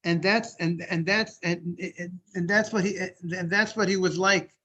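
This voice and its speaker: A rabbi leads a Talmud class in a noticeably high voice. He explains things step by step and circles back over his own phrases. Now and then he pauses to greet latecomers by name before he carries on. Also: fairly even intonation, sharp tone, highs cut off. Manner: breaks off to greet people joining. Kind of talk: Talmud study lesson.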